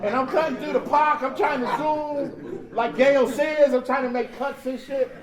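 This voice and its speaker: High-voiced man, animated comic storyteller, sharing at a recovery convention in a reverberant hall. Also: moderate pace. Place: large convention hall with audience. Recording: echoey hall with audience laughing. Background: crowd laughing.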